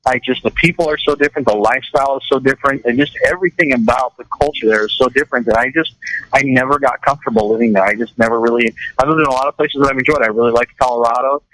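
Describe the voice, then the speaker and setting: A man's voice: medium pitch, very fast, fairly bright tone, no room sound, low-quality recording. A man from California chatting casually on a radio show, rambling with lots of restarts and repeated words.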